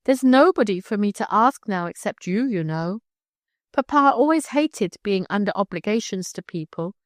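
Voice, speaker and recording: A woman voicing a timid, wistful orphaned young girl who speaks softly and hesitantly. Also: medium pitch, expressive, normal speed, no room sound, studio quality, close to an everyday voice. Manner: soft, hesitant, tearful.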